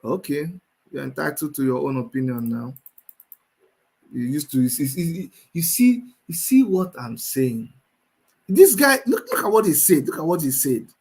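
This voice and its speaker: Nigerian male host, fiery livestream commentary, high-pitched, repeats lines for force. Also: lively intonation, a little slow, darkish tone, slightly rough. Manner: emphatic, repeats phrases for force.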